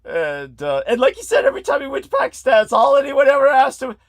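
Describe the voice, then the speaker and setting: A man hosting a casual podcast chat, laughing often and talking in excited bursts. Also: very high voice, fast, vocal fry, no echo, clean studio sound. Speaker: host.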